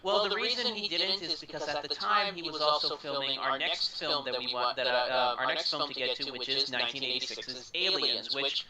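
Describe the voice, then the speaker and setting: A man's voice: medium pitch, steady tone, brisk, hardly any pauses, distant mic, crowd noise. A man hosting a casual film retrospective, earnest and stumbling over his starts. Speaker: podcast host. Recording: roomy room echo.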